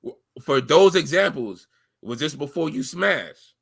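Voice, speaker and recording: A man's voice: on the high side, animated, measured pace, gravelly, breathy edge. A man co-hosting a podcast, talking in a casual, profane and teasing way. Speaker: podcast co-host. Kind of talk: casual rant chat.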